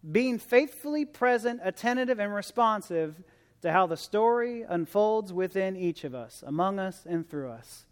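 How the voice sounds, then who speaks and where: A man's voice: sits high, expressive, moderate pace, smooth. A man giving a sermon as a visiting preacher, earnest and conversational, often restarting and repeating words, rising to emphatic exhortation. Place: church sanctuary. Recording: long reverb of a large church hall.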